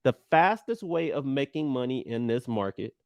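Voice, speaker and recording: Animated, gravelly-voiced male trading coach. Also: mid-range voice, moderate pace, no room sound, clean studio sound. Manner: animated and emphatic, chatty and blunt toward his viewers. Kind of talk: energetic online trading lesson.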